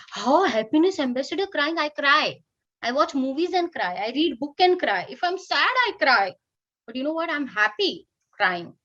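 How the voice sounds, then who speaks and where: A woman's voice: on the high side, a bit bright, lo-fi sound. A middle-aged woman with an Indian English accent, coaching teachers in an upbeat online workshop. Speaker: teacher trainer. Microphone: video call.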